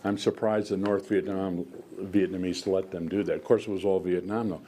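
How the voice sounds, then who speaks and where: Older male veteran speaker, low-pitched, meandering storyteller, faint background noise. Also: fairly even intonation, normal speed, dark tone. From United States. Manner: rambling, frequent restarts and fillers. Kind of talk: storytelling talk to an audience.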